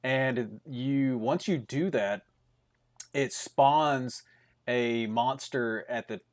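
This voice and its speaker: Chatty man casting an esports match. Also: medium pitch. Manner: chatty, rambling, quick bursts with frequent fillers and chuckles. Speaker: tournament caster. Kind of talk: solo esports commentary.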